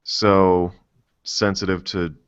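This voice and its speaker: A low-voiced man on a tech podcast chats casually, full of joking, teasing banter with his co-hosts. The recording has a dull, lo-fi quality. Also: flat delivery, slow pace, clear, resonant tone. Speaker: podcast co-host. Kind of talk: casual chat.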